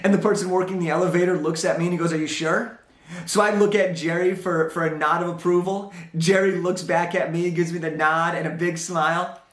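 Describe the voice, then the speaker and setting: A young man giving a motivational talk, telling a personal story in an animated way and acting out the dialogue. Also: sits high, brisk, hardly any pauses, reverberant. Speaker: motivational speaker.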